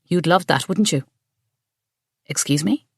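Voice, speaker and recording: A fiery young woman with a blunt, sharp tongue, as a woman reads her in an audiobook. Her voice sits low and plain, set close in a dry, dead room. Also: a little slow, slightly rough, no echo. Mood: defiant. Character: earnest young Irish woman, quick-tempered, protective.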